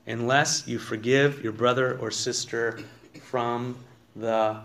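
A man's voice: mid-range voice, fairly even intonation, slow pace, a bit bright. A man preaching a conversational sermon in a church, reading scripture aloud and asking his congregation questions. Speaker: pastor. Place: church sanctuary.

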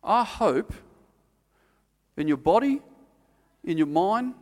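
A man preaching a sermon, telling a story and acting out the quotes, then dropping to quiet, earnest emphasis. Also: high-pitched, very animated, slow pace, long reverb tail. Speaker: pastor.

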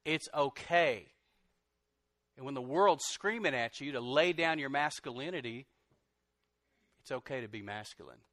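A middle-aged man preaching a sermon, animated, swinging from loud outbursts to soft, confessional lines. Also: medium pitch, unhurried, pauses often, dry recording. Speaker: pastor.

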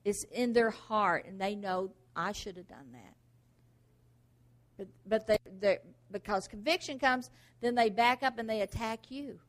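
A woman's voice: on the high side, fairly even intonation, moderate pace, few pauses. A woman preaching a sermon emphatically, firing off rhetorical questions.

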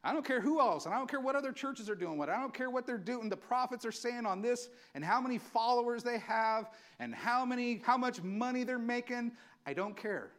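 A man's voice: extremely high pitch, lively intonation, fairly quick, few pauses, a bit bright. A male pastor preaching an impassioned, conversational sermon, acting out quotes as he goes. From California.

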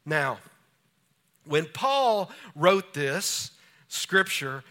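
A man preaching with a bright, forward tone and a pitch sitting a little above typical. His delivery is animated, and he slips into small acted-out scenes to illustrate his points. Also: drawn-out words. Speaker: pastor. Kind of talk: sermon.

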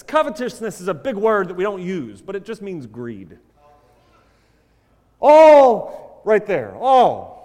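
A man preaching a sermon as pastor, swinging from loud emphasis to quiet asides and telling a joke story. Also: high voice, big pitch swings, slow pace, long reverb tail. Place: church sanctuary.

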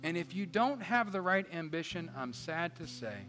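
A man preaching a sermon as pastor, energetic and joking, swinging between loud emphasis and quiet asides. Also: on the high side, moderate pace. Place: church sanctuary. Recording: church hall reverb with faint guitar.

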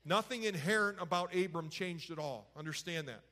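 Bright-voiced man teaching scripture. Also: high-pitched, moderate pace. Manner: folksy, paraphrases scripture in everyday talk. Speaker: Bible teacher. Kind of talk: conversational Bible teaching.

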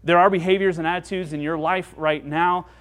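A man preaching a sermon as pastor, earnest and dynamic, moving between emphatic lines and hushed ones. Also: on the high side, fairly even intonation, a little fast.

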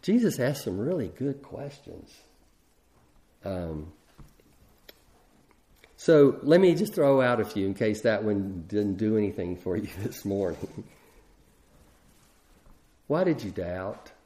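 A middle-aged man preaching in a relaxed, conversational way, circling back and restarting his phrases as he goes. His voice sits low with a mellow, dark tone. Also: unhurried, pauses often. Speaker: pastor. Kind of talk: sermon.

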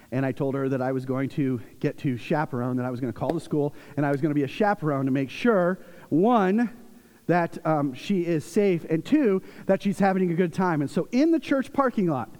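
A man in his forties preaching a sermon in a church, talking in a conversational, animated way with playful storytelling asides. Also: high voice. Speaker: pastor. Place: church sanctuary. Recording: long reverb from a church hall.

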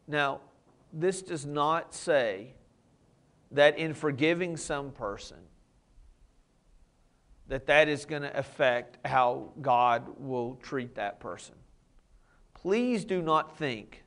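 A man's voice: mid-range voice, fairly bright tone. Man, pastor, casual preaching, explains scripture. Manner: conversational, explains as he reads scripture. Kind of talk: sermon.

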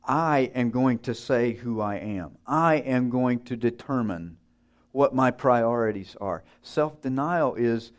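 A male preacher delivering a sermon in an easygoing, conversational voice. He puts questions to his listeners. His pitch sits in the middle range for a man. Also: animated, slow pace. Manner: conversational, asks the audience questions and acts out the story's voices.

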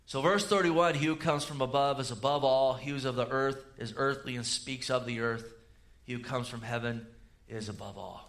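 A man preaching a sermon, swinging between loud emphatic rises and low quiet asides. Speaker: pastor.

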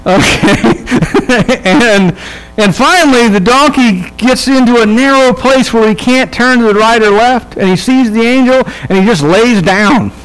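A pastor giving a sermon in a relaxed, humorous storytelling manner, checking in with his listeners and acting out the people in the story. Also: very high-pitched, unhurried, smooth, poor audio. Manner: casual, humorous storytelling with quoted voices; conversational, checks in with the audience.

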